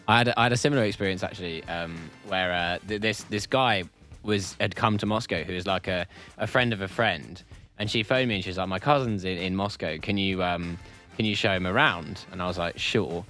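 Radio host guy, lowish voice, dry jokes, long story, faint music behind. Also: sharp tone. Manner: dry, quick-witted, drawn-out anecdotes. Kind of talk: casual studio banter. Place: radio studio.

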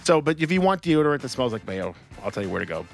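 A man co-hosting a casual radio show, easygoing and quick to laugh. His pitch sits at a middling level. Soft music plays faintly beneath. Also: big pitch swings, creaky. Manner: chuckling, easygoing storyteller. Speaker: radio co-host.

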